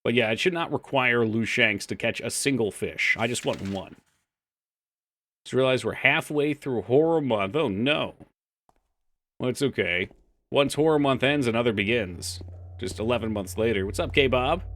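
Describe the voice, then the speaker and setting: A man's voice: medium pitch, normal speed. Casual, swearing male game streamer. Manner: chatty, swears casually, answers chat; reads game files aloud in a flat voice. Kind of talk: casual gaming stream chat.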